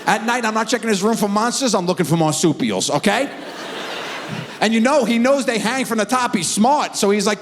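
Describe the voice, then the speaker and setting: On stage, a middle-aged man with a high voice speaks a little fast, telling animated stories and putting on his kids' voices. There's slight background noise, and the theater recording has a long hall reverb.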